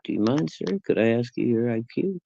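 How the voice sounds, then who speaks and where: A man's voice: mid-range voice, lively intonation, a little fast, creaky, mellow, no room sound, dull audio, pitched above the performer's own voice. A man voicing a courteous male robot bartender in a spoken joke. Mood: polite. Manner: courteous, formal address. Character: polite robot bartender, male, smooth server.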